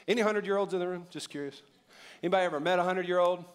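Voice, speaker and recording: Guy pastor preaching, kinda high voice, talks casual and keeps asking the crowd stuff. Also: racing. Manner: conversational preaching, asks the congregation questions. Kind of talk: sermon.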